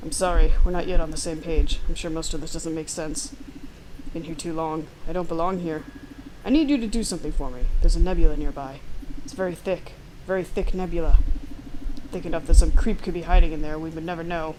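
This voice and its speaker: A woman's voice: sits low, steady tone, brisk, noisy background, natural voice. A woman reading a sly, wheedling office schemer. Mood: manipulative. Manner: smooth, wheedling, feigned friendliness. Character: scheming male office worker, sly and manipulative. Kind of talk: reading an interactive text game aloud.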